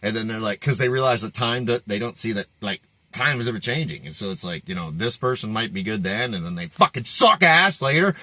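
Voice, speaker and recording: A man tears into a rant, cursing freely and mocking as he goes. His voice is bright and pushed hard, recorded close and dry with no room sound. He laughs between lines, half amused at his own anger. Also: medium pitch, very animated, a little fast, no echo. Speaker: fitness vlogger. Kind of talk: profane rant.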